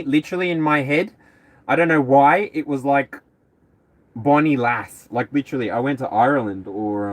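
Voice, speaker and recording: A man hosting a live tarot reading stream, chatting casually with viewers, rambling and laughing often. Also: mid-range voice. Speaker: tarot reader.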